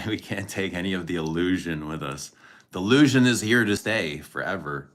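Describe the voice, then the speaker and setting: A man's voice: deep voice, moderate pace. A man hosting a casual livestream, rambling about his day and reading viewer comments, chuckling often and swearing freely. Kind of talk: casual live chat.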